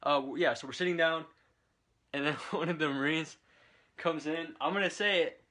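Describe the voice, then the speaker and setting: Young guy rambling to his handheld cam in his bedroom, bright forceful voice, lots of likes and ums. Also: on the high side, moderate pace. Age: young adult. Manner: rambling, chatty, lots of fillers. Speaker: vlogger and military recruit. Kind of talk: casual chat to camera. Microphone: handheld camera.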